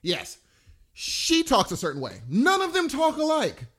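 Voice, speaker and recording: A man chatting casually about a film he just saw, rambling and enthusiastic. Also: unhurried. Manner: animated, rambling and enthusiastic, with big pitch jumps. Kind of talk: casual movie chat.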